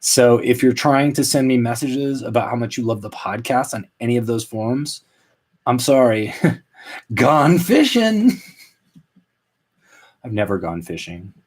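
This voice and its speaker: A man in his late thirties hosting a solo comedy podcast, rambling in a deadpan, self-mocking way. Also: medium pitch, moderate pace. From Canada. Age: 30s. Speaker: podcast host. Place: at home.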